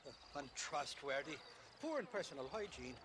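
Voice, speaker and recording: An actor voicing a cheerful, flattering Irish rogue with a theatrical manner in a video game. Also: male voice, a little high, moderate pace, background noise. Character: fast-talking Irish rogue, cheerful and wheedling.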